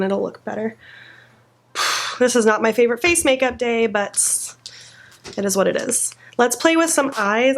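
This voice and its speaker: Young female beauty vlogger, slightly high voice, casual and self-critical. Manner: chatty, self-critical, easily frustrated. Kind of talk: chatty makeup tutorial.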